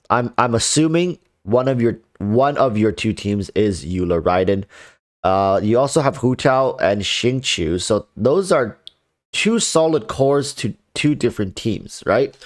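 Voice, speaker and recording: A man's voice: fairly low pitch, lively intonation, slow. A man with a nasal, congested voice, chatting casually on a game livestream and often restarting his sentences. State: congested sinuses. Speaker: game streamer.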